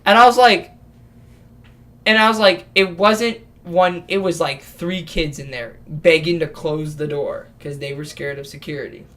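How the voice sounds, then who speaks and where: A man's voice: fairly high pitch, steady tone, measured pace, a bit bright. A young man in his late teens rambling through a casual podcast rant, swearing and restarting his sentences often. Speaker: vlogger.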